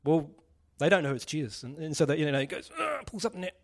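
A man's voice: a little high, fast talker. A man preaching a casual sermon, joking and putting questions to the congregation. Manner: chatty, jokey, asks the audience questions.

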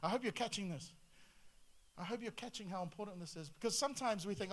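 A high-pitched man speaks quickly as a pastor delivering an animated sermon. He fills it with rhetorical questions and moves between loud and quiet passages.

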